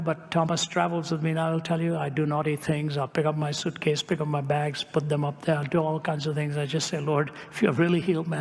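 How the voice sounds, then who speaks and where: A man's voice: on the high side, slight background noise. Man preaching in a reverberant hall. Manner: recounts dialogue, acting out quoted speech, with wry asides. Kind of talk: sermon storytelling.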